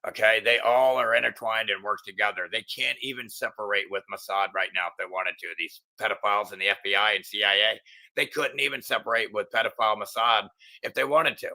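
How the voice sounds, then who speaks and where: A middle-aged man hosts his own angry monologue, his voice strained and piercingly tense. He swears constantly, restarts his sentences and presses on in agitation. A gravelly rasp runs under his low voice. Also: steady tone, fairly quick, bright, forceful tone. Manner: profane, agitated, stumbling restarts. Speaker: channel host.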